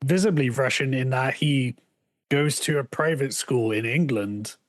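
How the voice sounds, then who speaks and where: A man of middle pitch trading jokes as a podcast co-host. He talks in a loose, chatty way, laughing often and slipping into quoted lines. The sound is close and dry. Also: measured pace, no room sound. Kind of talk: casual chat.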